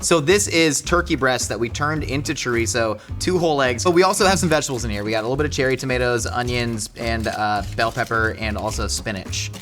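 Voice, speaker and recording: A man's voice: mid-range voice, fast talker, few pauses, a bit bright, soft background music. A man hosting a cooking show, chatting in a jokey, rambling way while he cooks. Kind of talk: casual cooking chat. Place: studio kitchen.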